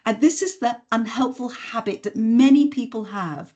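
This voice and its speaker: A woman, a voice and communication skills trainer, explaining communication habits in a podcast interview in a measured, instructive way. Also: fairly high pitch, warm tone, highs cut off. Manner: measured, instructive, demonstrates intonation examples.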